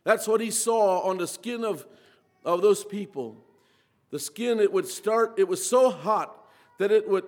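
High-voiced man preaching in an echoing hall. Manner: earnest, repeats phrases, slows for emphasis. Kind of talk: sermon.

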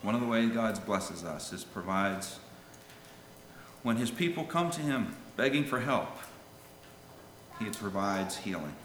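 A man preaching a sermon, swinging from loud calls to hushed lines, and reading scripture in old-fashioned wording. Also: medium pitch, a little hiss or hum. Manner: reads scripture in King James wording. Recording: echoey hall with long reverb.

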